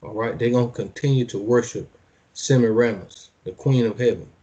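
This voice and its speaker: Male preacher, mid-pitched, reads scripture slow and weighty, drops into casual slang asides, repeats lines for emphasis. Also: warm tone, muffled recording. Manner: reads verses slowly and solemnly, then comments in loose street slang. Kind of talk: sermon, reading scripture with commentary.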